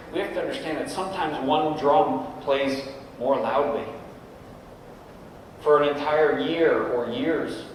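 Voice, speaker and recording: A man's voice: fairly high pitch, slight background noise. A middle-aged man giving an informal talk to a group of coaches, often checking in with the audience. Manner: conversational, often adds "right?" to check in with the room. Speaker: guest speaker at a coaches' meeting. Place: large room at a meeting. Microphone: camera at a distance. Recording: echoey hall recorded from far off.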